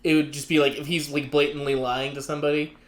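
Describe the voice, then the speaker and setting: A young man co-hosting a casual podcast, animated and full of fillers, acting out little quotes as he talks. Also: on the high side, fast talker. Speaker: podcast co-host. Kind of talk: casual chat.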